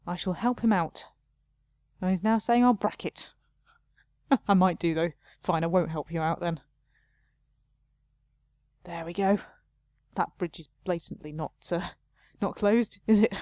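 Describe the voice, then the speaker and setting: Chatty woman with a mellow voice. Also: on the low side, no echo, clean studio sound. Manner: chatty, self-mocking, laughs often. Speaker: let's play host. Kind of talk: casual game commentary, reading game text aloud.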